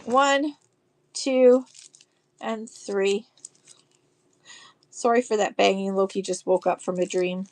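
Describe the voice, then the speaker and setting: A woman's voice: fairly high pitch, expressive, slow pace, long pauses. A woman selling vintage postcards on a live stream, gushing over each card and reading verses aloud in a chatty way. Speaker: live online auction seller.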